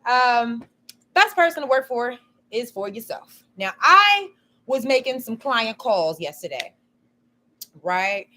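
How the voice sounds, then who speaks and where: A woman's voice: fairly high pitch, very animated, slow, bright, forceful tone. A woman chatting casually on a live stream, telling a rambling story full of "you know" and "um".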